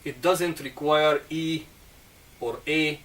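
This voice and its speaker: Male teacher, slow and patient, heard from a distance over faint background hum. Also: fairly high pitch, a bit bright. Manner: slow and patient, checking understanding with "okay?" and "right?". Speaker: Arabic teacher. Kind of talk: classroom lesson on Arabic letters. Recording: distant mic, faint room noise.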